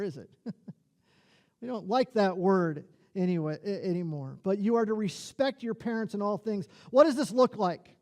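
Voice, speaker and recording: A man's voice: high voice, darkish tone. A male lead pastor with an Upper Midwest American accent, preaching a conversational sermon, chuckling at his own jokes and repeating key lines.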